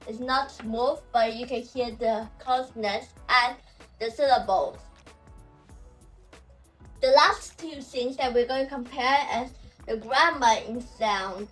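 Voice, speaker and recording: A woman teaching language pronunciation, who talks slowly and says example words over and over. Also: on the high side, fairly bright tone, recorded from a distance, soft background music, poor audio. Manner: slow and repetitive, saying example words over and over. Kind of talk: explaining pronunciation.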